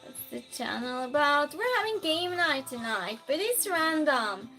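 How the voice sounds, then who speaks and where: A woman hosting a live stream, chatting casually, reading viewer comments aloud and calling out loud greetings to regulars. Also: sits high, sing-song, a little slow, soft background music. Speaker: livestream host.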